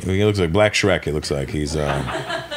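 A man's voice: very deep voice, normal speed. A man chatting casually as a host, telling stories bluntly and with lots of swearing. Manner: profane, blunt storytelling. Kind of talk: casual chat.

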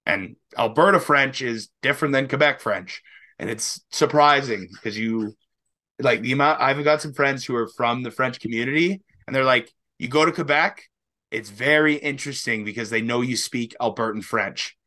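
A man's voice: medium pitch, normal speed, sharp tone. A young Canadian man co-hosting a podcast, rambling casually, laughing and swearing now and then. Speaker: podcast co-host. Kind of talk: casual chat.

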